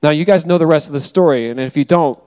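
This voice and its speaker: A man's voice: fairly high pitch, quick pace, clean tone. Male preacher in a reverberant hall. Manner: animated storytelling, acting out quoted lines. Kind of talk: sermon. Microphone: handheld mic, switched mid-talk. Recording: hall reverb from a live room.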